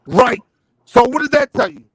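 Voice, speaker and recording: A man's voice: very high-pitched, big pitch swings, moderate pace, gravelly, a bit bright, rough recording. A middle-aged man in a heated boxing debate over a voice call, insistent, repeating his questions and swearing. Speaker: panel debater. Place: online voice call.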